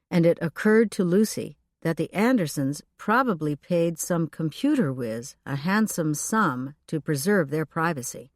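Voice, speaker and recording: A woman narrating a cozy mystery audiobook in a steady, expressive storytelling manner on a close mic. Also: lowish voice, no echo.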